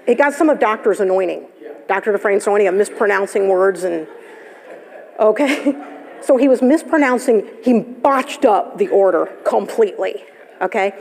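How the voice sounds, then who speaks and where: Woman pastor, sermon, gravelly voice, storytelling, long church reverb. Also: mid-range voice, lively intonation, normal speed, a little mellow. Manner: storytelling, conversational, laughs often. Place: church sanctuary. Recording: live church service, long hall reverb.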